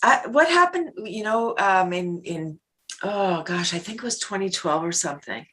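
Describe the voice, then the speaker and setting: A woman's voice: medium pitch, animated, moderate pace, a bit bright. A middle-aged woman guest on a podcast, talking casually and animatedly, laughing often and acting out little everyday scenes. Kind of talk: casual interview talk.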